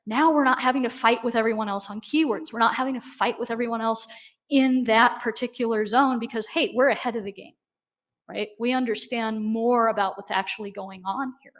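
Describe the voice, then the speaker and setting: A woman giving a conversational, animated conference talk, often checking in with the audience. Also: on the high side, a little fast. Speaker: conference speaker. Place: conference stage.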